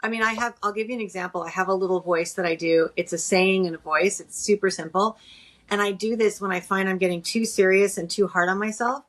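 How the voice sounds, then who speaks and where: A woman's voice: medium pitch, fairly even intonation, a little fast. A woman co-hosting a podcast, giving earnest, encouraging advice in casual conversation. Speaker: podcast co-host.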